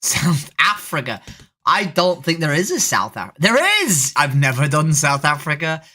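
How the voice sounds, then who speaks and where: A woman's voice: sits low, animated, unhurried, bright, forceful tone, slightly rough. A woman, chatting bluntly and swearing often while streaming random video chats. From Leeds, England. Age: 30s. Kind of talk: casual video-chat streaming.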